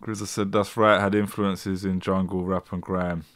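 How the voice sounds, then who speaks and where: A man's voice: low-pitched, little pitch movement, moderate pace, fairly bright tone. A man hosting a casual livestream, thinking aloud and reading out viewer comments. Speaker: host.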